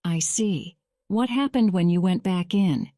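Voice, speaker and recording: A calm, probing male lawyer in a courtroom storybook, read by a woman. The delivery is slow and mellow, recorded dry and close. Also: lowish voice, dry recording, close to an everyday voice. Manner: measured, slow graded-reader delivery.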